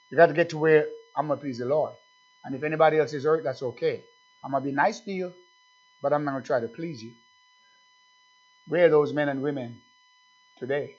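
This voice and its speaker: A man's voice: a little high, husky. A man preaching a sermon, emphatic and repetitive, calling out to his congregation with questions. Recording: dull lo-fi recording.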